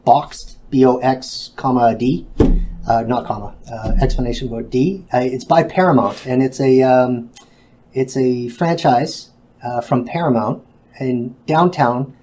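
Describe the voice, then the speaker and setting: A man's voice: mid-range voice, unhurried, warm tone, slight background noise. A man speaking as a guest in a business interview, explaining in a casual way with some fillers. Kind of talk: video interview answers.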